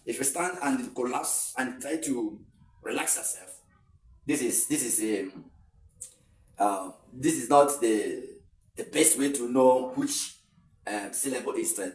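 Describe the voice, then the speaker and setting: Echoey, distant male tutor teaching. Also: medium pitch. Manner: explaining step by step, repeats words, fillers. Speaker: English tutor. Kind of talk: exam-prep lesson. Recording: echoey room, mic at a distance.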